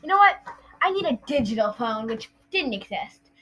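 Woman podcast co-host, high and bright, playful rambling chat. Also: big pitch swings, moderate pace, poor audio. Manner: rambling, playful make-believe storytelling. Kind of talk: casual chat.

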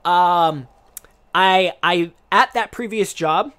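A man's voice: high-pitched, slow pace, fairly bright tone, smooth. A young man streamer and English teacher talking casually to camera, rambling and restarting his sentences with lots of fillers. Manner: rambling, self-interrupting, many fillers.

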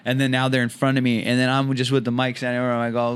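Comedian man, animated storyteller, casual and profane. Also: mid-range voice, rapid-fire, clean tone. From Orange County, California. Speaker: comedian guest.

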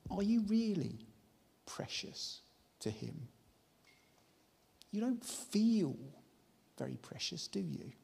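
A man voicing a whispering male devil who is sly and cruel, speaking in hushed, taunting, insinuating tones. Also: high-pitched, big pitch swings, slow pace, creaky, long pauses, breathy edge, in a large hall, pitched above the performer's own voice, exaggerated voice.

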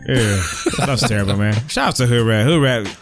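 A man's voice: medium pitch, lively intonation, moderate pace, soft background music. A man hosting a podcast and taking calls, talking in laid-back, slangy, profane casual chat.

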